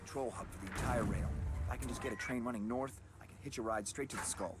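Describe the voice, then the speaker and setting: A resolute super soldier hero from a video game, as a man voices him, clipped and focused on the mission. He talks at an everyday pitch, and his lines come through game audio with loud music clearly playing underneath. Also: quick pace, natural voice. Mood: determined.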